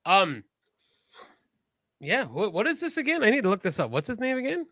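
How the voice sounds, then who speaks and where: A man's voice: high voice, wildly swooping pitch, normal speed, sharp tone, no echo. A Canadian man co-hosting a podcast in loose, profane, joking banter. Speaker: podcast co-host. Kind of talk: casual chat.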